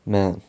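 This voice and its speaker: A young male vlogger vents in a casual, rambling monologue. He repeats himself and swears a lot.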